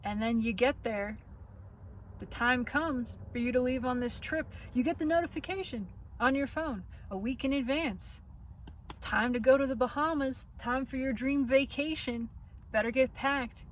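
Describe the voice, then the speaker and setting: A woman giving an earnest spiritual tarot reading, talking straight to the listener and laughing softly through the painful parts. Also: a little high, a little hiss or hum. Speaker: tarot reader.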